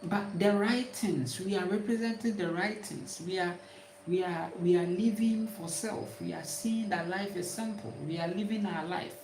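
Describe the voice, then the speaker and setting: A woman's voice: mid-range voice, normal speed, a little mellow, a little hiss or hum. Emphatic Ghanaian woman in an echoey room. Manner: emphatic, repeats words, stammering restarts. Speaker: spiritual teacher. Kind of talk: casual spiritual talk. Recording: roomy echo.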